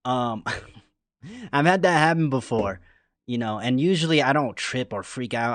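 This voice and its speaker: A laid-back man from California rambles through his reaction. His voice sits at a middle pitch and comes across dry and close to the mic. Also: animated, measured pace, pauses often, a bit bright, no room sound. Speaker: reaction streamer. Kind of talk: casual reaction commentary.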